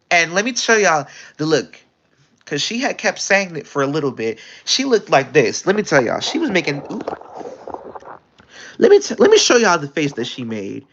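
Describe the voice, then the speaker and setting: A young man chats on a livestream with a bright, forceful voice that sits a little high. He tells his story in an animated, exasperated way, his pitch jumping up often. The audio is dull and lo-fi. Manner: animated, exasperated retelling with quick pitch jumps. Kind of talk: casual storytelling chat.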